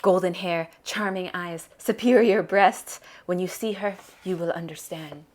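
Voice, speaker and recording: Woman putting on a snappish old dad, broken English, lowish voice, insistent. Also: measured pace, darkish tone, lightly acted. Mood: besotted. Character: excitable stubborn 84-year-old Ukrainian father.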